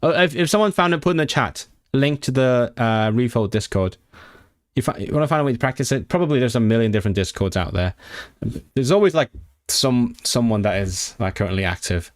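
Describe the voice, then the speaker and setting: A man's voice: mid-range voice, animated, a little fast, dry recording, clean studio sound. A young man live-streaming his language study, chatting with viewers and sounding out foreign words with frequent restarts. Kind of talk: casual live-stream chat.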